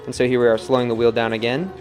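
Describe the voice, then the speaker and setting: A young man chatting casually while demonstrating on the pottery wheel, reading viewer comments and counting softly as he works. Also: medium pitch, little pitch movement, very fast. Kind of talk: live-streamed pottery demo, casual teaching. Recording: faint music in background.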